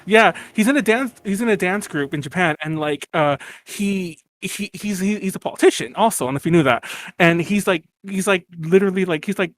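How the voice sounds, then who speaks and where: A man's voice: high-pitched, a little fast, a bit bright. A man co-hosting a podcast in casual chat, rambling with many fillers and restarts and laughing often. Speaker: podcast co-host.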